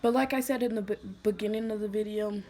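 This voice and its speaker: A young woman vlogger telling a personal story in a somber, halting way, full of "like" fillers and restarts. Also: mid-range voice, fairly even intonation, warm tone. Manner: somber, emotional retelling. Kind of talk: storytime vlog.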